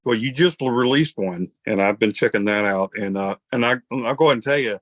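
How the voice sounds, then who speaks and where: Folksy host, rambling and chatty. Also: male voice, medium pitch, brisk, dry recording. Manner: folksy, rambling, self-deprecating. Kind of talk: casual interview chat.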